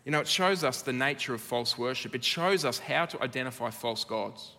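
Australian pastor, earnest emphatic sermon delivery, long church-hall reverb. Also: male voice, medium pitch, expressive, sharp tone. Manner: earnest, emphatic preaching with dramatic pauses.

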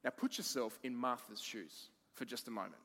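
A man preaching a sermon as pastor, expressive, moving between emphatic lines and hushed ones. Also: mid-range voice, brisk, in a large hall.

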